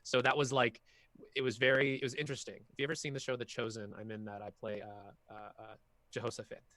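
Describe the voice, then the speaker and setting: This medium-pitched man talks fast, and the audio has no echo. A voice actor with half Filipino heritage, he's a guest at an online workshop, animatedly and casually telling long stories from his job as a talkative storyteller.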